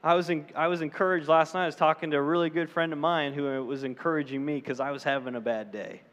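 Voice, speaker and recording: A man preaching a sermon to a church congregation, telling a story with lively acted-out voices. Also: on the high side, quick pace, in a large hall, muffled recording. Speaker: pastor.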